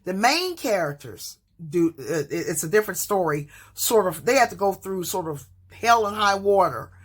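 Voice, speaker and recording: A woman teacher reviews a book casually in a mid-range, sing-song voice with a breathy edge and moderate pace. She stammers, restarts and fills pauses a lot, owning up to her stutter.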